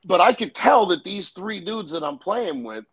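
Gravelly New man telling a story. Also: sits high, expressive, normal speed, a bit bright, rough recording. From New York. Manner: profane, acts out the other people in his stories. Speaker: guest. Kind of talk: casual storytelling.

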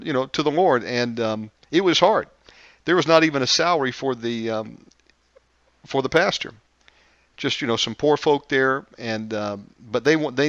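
A man hosting a faith program tells a family story in a loose, rambling way, full of fillers and restarts. His voice sits at a middle pitch. The recording is close and dry, with a dull, muffled top end. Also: a bit bright, dry recording. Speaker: show host. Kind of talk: casual storytelling.

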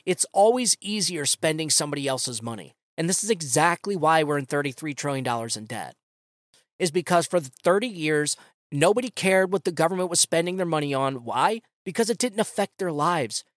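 A man's voice: a little high, animated, fairly quick, dry recording, clean studio sound. A man hosting a political commentary podcast, ranting in a sarcastic, casual way with slang. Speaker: podcast host.

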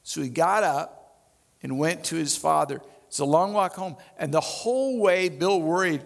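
A man's voice: on the high side, lively intonation, normal speed, vocal fry, in a large hall. A man pastor preaching a sermon, telling the story with animation and dropping in wry asides.

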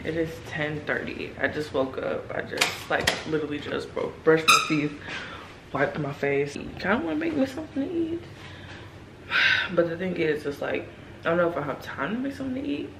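A woman's voice: deep voice, big pitch swings, normal speed, background noise. A young woman vlogging casually to camera, rambling candidly with many fillers, tired and yawning. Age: young adult.

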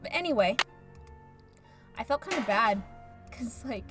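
A woman's voice: on the high side, expressive, unhurried, long pauses, music in the background. A young woman from the United States chatting casually and rambling while streaming a game. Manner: rambling, chatty, frequent fillers. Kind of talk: casual live-stream chat.

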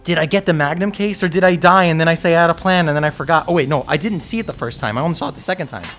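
A man giving panicky, excitable commentary while playing a video game, talking to himself and cheering out loud. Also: a little high, very fast, faint music behind. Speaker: gameplay streamer. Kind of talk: live gameplay commentary.

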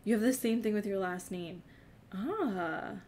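Slow, giggly woman with slight New Jersey accent. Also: mid-range voice, lively intonation, darkish tone, a little hiss or hum. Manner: giggly, self-deprecating, talks to chat. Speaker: streamer. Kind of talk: casual live-stream chat.

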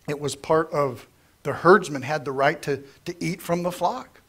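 A middle-aged man teaching through the Bible verse by verse, reading scripture aloud and then retelling it in plain, lively everyday talk. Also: a little high, normal speed, husky.

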